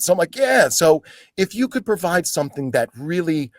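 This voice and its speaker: A man's voice: a little high, moderate pace, no room sound, studio quality. A middle-aged man, an actor and guest, telling casual stories and acting out the voices of the people in them. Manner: animated, acts out voices of people in his stories. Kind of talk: casual anecdotal storytelling.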